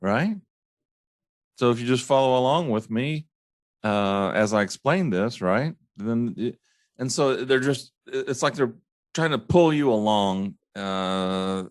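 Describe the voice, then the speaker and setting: A man hosting his own show, ranting casually about overused phrases, stumbling and restarting often and mimicking others in a high mocking tone. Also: animated, dry recording. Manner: halting restarts, repeats words. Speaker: podcast host. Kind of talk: casual solo rant.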